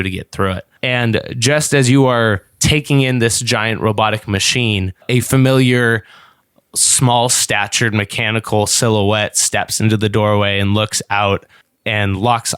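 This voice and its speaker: A man's voice: lowish voice, a bit bright, clean tone, no room sound. A man narrating a tabletop role-playing session as game master, describing scenes and calling for rolls.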